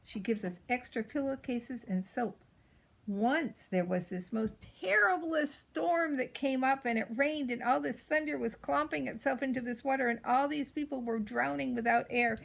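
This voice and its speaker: In a high, creaky voice, a woman gives a heavily acted reading of a storybook as a precocious, spoiled little girl with a pert, drawn-out way of stressing words. The recording is rough.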